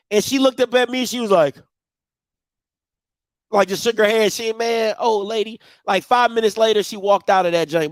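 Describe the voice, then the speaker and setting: This podcast host, a man, chats casually on a live broadcast while recounting a story, his delivery lively as it jumps from shouts down to low mutters. There's no room sound in the audio.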